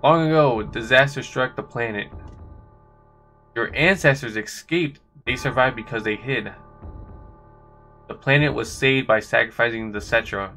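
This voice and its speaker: A man voicing a cold, proud male swordsman villain from a video game, reading his lines slowly and deliberately. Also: mid-range voice, bright, forceful tone, soft background music.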